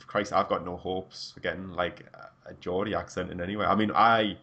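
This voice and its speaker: A man with a northeast English accent chatting casually on a podcast, animated and swearing freely. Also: low-pitched, brisk, dull audio. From North East England, near Durham. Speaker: podcast co-host. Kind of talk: casual chat.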